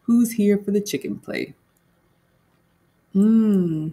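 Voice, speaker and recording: Husky mellow-voiced woman chatting to viewers. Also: fairly low pitch, a little slow. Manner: chatty, talks straight to viewers, laughs often. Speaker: home cook vlogger reviewing food. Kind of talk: casual livestream chat.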